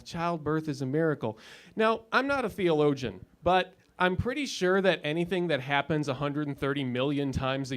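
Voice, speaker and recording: A man in his thirties doing a stand-up comedy set in a club lounge, with a dry, sardonic delivery and punchlines that build up. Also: a little high. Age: 30s.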